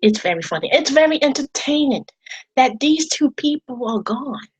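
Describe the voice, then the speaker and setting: A wrestling vlogger speaks casually to camera in a high, husky voice with lively intonation and a moderate pace, though the audio is poor. She rambles and repeats herself about wrestling, getting emotional and sometimes swearing.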